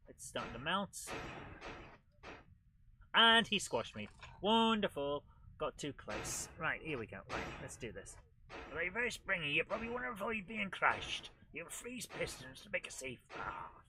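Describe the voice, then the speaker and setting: A man with a raised, very bright and forceful voice, chatting his way through a game. His commentary is excitable and lively, full of quick exclamations. A faint hiss sits under the voice. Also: on the high side, poor audio. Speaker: host of a retro gaming show. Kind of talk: live gameplay commentary.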